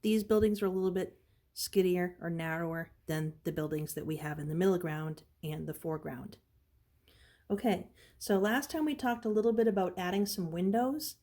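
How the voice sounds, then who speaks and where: A woman teaching an art lesson on video, calmly explaining each step. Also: mid-range voice.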